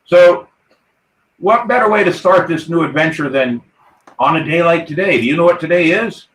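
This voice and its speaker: A man's voice: a little high, lively intonation, moderate pace, a bit bright, reverberant, low-quality recording. A man hosting a live pirate-themed podcast, talking in a hearty, playful way as the ship's captain. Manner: hearty, toasting, rallying the crew. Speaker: podcast host.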